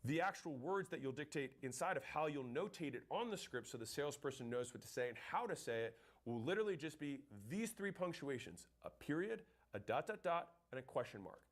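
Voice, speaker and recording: A man's voice: a little high, lively intonation, fairly quick, hardly any pauses. Blunt, emphatic man teaching sales. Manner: blunt and emphatic, swears casually. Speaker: sales trainer. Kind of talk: instructional talk to camera.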